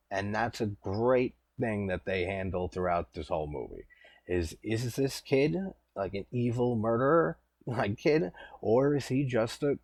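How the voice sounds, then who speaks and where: A man's voice: lowish voice, darkish tone, breathy edge, no room sound, clean studio sound. A man in his thirties giving rambling, laid-back casual commentary as a host, swearing now and then. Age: 30s.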